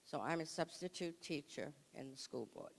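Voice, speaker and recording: A woman's voice: sits low, animated, moderate pace, creaky. An older woman with a New York accent introducing herself at a community meeting, chatty and self-deprecating. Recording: echoey community hall.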